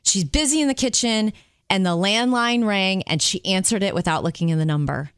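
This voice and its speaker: A woman's voice: medium pitch, brisk, a bit bright, clean tone, dry recording, studio quality. A woman co-hosting a chat show, telling a personal story earnestly. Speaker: co-host. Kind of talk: casual chat.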